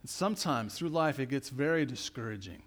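A man preaching a sermon as pastor, in a conversational way, tagging his points with "right?" and swinging between loud emphatic passages and quiet low asides. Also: lively intonation, a little fast. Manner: conversational preaching with frequent "right?" tag questions.

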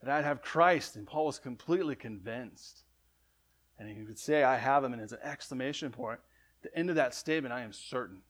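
A man preaching a sermon in a conversational way, often asking "right?", correcting himself, and swinging between loud emphatic lines and quiet ones. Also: medium pitch. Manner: conversational, frequent "right?" asides and self-corrections. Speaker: pastor.

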